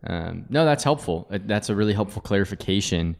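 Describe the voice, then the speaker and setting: Low-voiced teasing co-host man. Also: lively intonation, a little fast, vocal fry, darkish tone. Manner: teasing, thinks aloud with many restarts. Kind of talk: casual church podcast chat.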